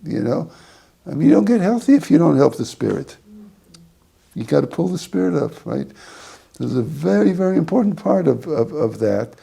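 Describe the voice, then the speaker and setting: Gravelly, rambling rabbi telling a story. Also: male voice, fairly high pitch, very animated, normal speed, mellow. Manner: rambling storyteller with many restarts. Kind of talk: informal talk to a small group.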